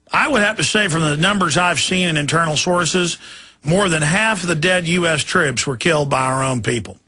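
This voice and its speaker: A man's voice: on the high side, pushed and bright, slightly rough. A man hosting a radio talk show, delivering a furious rant with bellowing, theatrical outbursts.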